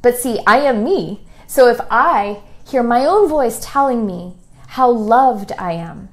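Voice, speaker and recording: A woman's voice: a little high, expressive, takes it slowly. A woman spiritual teacher giving a lesson on love and self-worth in an earnest, repetitive way. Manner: earnest, repetitive, soft-spoken during the guided practice. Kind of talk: spiritual lesson leading a guided affirmation.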